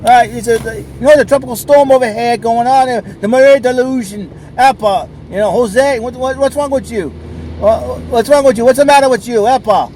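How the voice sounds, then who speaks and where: A man voicing an excitable, angry Portuguese cop who shouts and exclaims in mock foreign phrases. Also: very high voice, moderate pace, a little hiss or hum, voice pushed up, poor audio. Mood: ranting.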